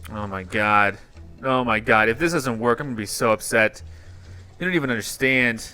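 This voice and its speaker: A man, a YouTuber, giving excited commentary as he plays a game and often yells at it. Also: mid-range voice, normal speed, faint music behind. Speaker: YouTuber reacting to videos.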